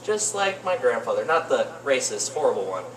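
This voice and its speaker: Lively young man doing open-mic stand-up. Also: medium pitch, brisk. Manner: rambling, deadpan asides, lively swings into mock voices. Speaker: stand-up comedian. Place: cafe open-mic stage. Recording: roomy cafe with faint noise, distant mic.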